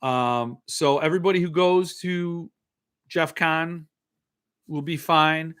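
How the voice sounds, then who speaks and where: A man's voice: a little high, fairly even intonation, slow pace, a bit bright, clean tone. A middle-aged man hosting a casual live show, rambling and joking as he reads viewer comments aloud. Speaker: podcast host. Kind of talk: casual livestream chat.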